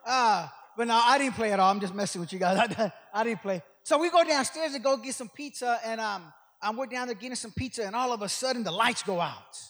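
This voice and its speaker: Older guy guest preaching, high bright voice, rambles then shouts, big echoey church. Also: brisk, few pauses. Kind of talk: sermon. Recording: long hall reverb.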